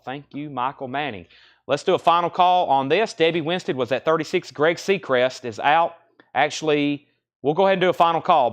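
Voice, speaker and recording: A man hosts a live-stream record auction, calling out titles and prices in a brisk running patter. His voice sits at an ordinary middle pitch. He drops in casual, self-deprecating asides between sales. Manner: rapid-fire listing of items and prices, chatty asides. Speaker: live record sale host.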